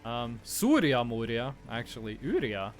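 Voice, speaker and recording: A man's voice: medium pitch, very animated, measured pace, soft background music. A man from Estonia, streaming a game and playfully musing aloud over how words are pronounced. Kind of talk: casual live-stream gaming commentary.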